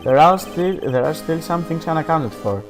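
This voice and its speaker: A man's voice: fairly high pitch, animated, normal speed. A man voicing an earnest young defense lawyer from a game, insistent and direct. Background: background game music.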